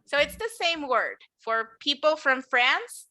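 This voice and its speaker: A woman's voice: high voice, big pitch swings, a little slow, sharp tone. A woman teaching an English class, modeling words for the students to repeat and encouraging them. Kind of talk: classroom lesson.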